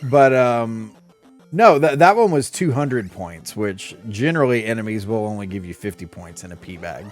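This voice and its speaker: A man's voice: fairly low pitch, animated, normal speed, soft background music. A man from Arkansas, a podcast co-host, chatting casually and crudely over a video game, laughing often. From Arkansas, USA. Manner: laid-back, laughs often, crude jokes. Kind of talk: casual chat over gameplay.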